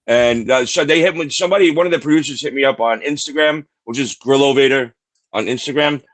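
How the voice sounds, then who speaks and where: A man's voice: mid-range voice, fast talker, no room sound. A man co-hosting a podcast, telling a long story in a rambling way, repeating words and swearing freely. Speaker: podcast co-host. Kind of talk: casual chat.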